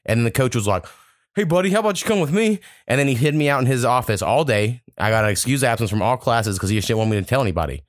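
A man's voice: mid-range voice, racing, few pauses, dry recording, studio quality. A young man, hosting a casual podcast and telling long, profane, rambling stories. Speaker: podcast host.

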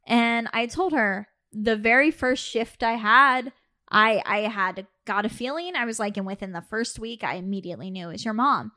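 A woman talks through a personal story on a podcast in a slightly high voice. She is animated, slips into the voices of the people she quotes, and laughs between lines. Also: moderate pace. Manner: animated, acts out quoted dialogue, laughs often. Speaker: podcast co-host. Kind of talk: casual storytelling chat.

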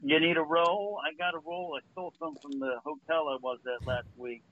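A man's voice: fairly high pitch, a little fast, fairly bright tone. A man called on the phone by the hosts, joking in a dry, offhand way. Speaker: phone guest. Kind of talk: casual phone call. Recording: muffled phone line.

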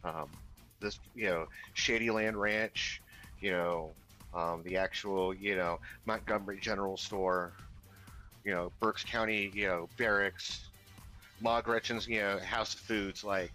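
Man, game master, low pitch, rambling narration, lots of fillers. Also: steady tone, unhurried, pushed and bright, soft background music, rough recording.

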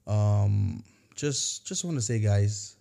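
Gravelly low-voiced man giving casual pep talk. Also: slow pace, dark tone. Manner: conversational, many fillers and restarts; acts out quoted voices in storytelling. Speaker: podcast host.

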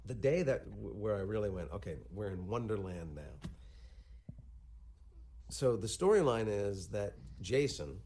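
A man's voice: on the low side, lively intonation, a little slow, long pauses, warm tone. A man in an interview clip telling a story, acting out the lines he quotes. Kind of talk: anecdote in an archive clip.

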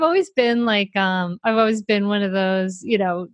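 A woman guest author answering interview questions in a lively, self-deprecating way, laughing often. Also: medium pitch, moderate pace, hardly any pauses, no echo.

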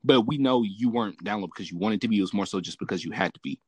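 Racing along in a fairly low, husky voice, a Southern Californian podcast host tells a story in a casual chat, recorded with no echo. He's an animated storyteller, cursing a lot and laughing frequently.

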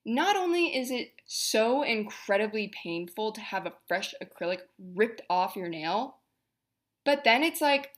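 A woman's voice: medium pitch, animated, normal speed, fairly bright tone. A young woman hosting a podcast, talking in a chatty, rambling, exasperated way about everyday annoyances. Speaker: podcast host. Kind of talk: casual monologue.

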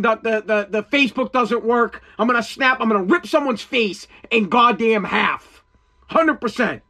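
A man's voice: high voice, pushed and bright. A man hosting his own podcast, ranting angrily and profanely about responsibility, repeating himself as he gets worked up. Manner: profane, heated, repetitive. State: agitated. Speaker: podcast host. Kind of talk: angry ranting monologue.

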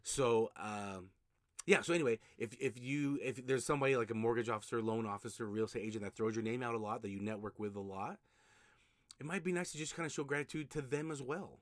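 A man talks at a quick pace in a mid-range voice on his solo podcast, where there's no room sound. A notary signing agent, he shares casual advice in a conversational style marked by restarts, fillers, and repetition.

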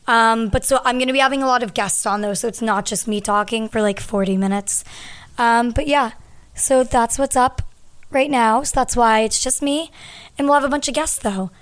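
Hoarse young woman chatting on a podcast. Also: fairly high pitch, moderate pace. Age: 20s. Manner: chatty and rambling, lots of ums and likes. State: hoarse, losing her voice. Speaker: podcast host. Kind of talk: casual podcast chat. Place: at her family home. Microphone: podcast microphone.

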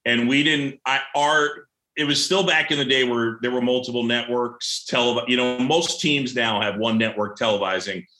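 Co-host man, bright, crisp voice, roomy echo. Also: mid-range voice, steady tone, normal speed. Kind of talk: casual chat.

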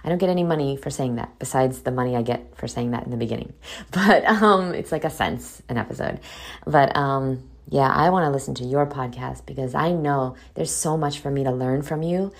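Low-voiced woman hosting a chatty podcast. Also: brisk, gravelly. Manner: chatty, pep-talk tone, calls listeners "boo". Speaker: podcast host. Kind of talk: casual solo podcast monologue.

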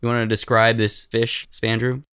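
A man's voice: mid-range voice, completely flat delivery, moderate pace, a bit bright, clear, resonant tone, dry recording, clean studio sound. A man hosting a podcast who reads history notes and breaks into jokey banter. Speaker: podcast host. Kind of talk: casual podcast storytelling.

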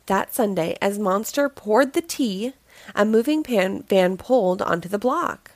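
A woman reading a children's picture book aloud, telling the story in a slow, expressive way. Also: medium pitch, dry recording.

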